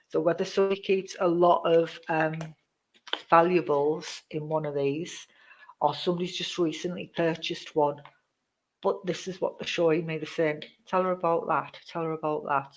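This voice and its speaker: Chatty woman, flat delivery. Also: sits low. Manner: chatty, checks in with "okay?"; addresses viewers by name. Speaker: psychic medium. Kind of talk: live online reading.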